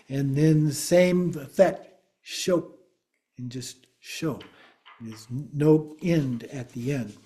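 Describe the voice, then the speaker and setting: A man's voice: a little high, mellow. A middle-aged man, a Buddhist teacher, giving a class lecture, patiently spelling words out letter by letter.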